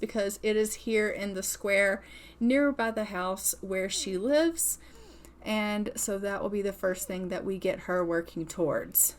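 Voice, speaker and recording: A young woman giving chatty, playful commentary on a life-simulation game and cheering her character on. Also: medium pitch. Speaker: gaming channel host. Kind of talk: casual gameplay commentary.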